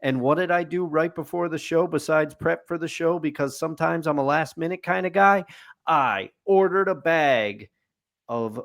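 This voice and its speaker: A man's voice: on the high side, normal speed, creaky, fairly bright tone. A man co-hosting a podcast, delivering news playfully in a mock-anchor way. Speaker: podcast co-host. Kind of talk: casual chat.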